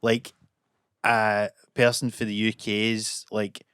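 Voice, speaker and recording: A man with a Glaswegian accent hosting a podcast, chatty and quick to laugh as he asks questions. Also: on the low side, flat delivery, fairly bright tone, clean tone, no room sound. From Scotland. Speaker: podcast host. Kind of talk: casual podcast chat.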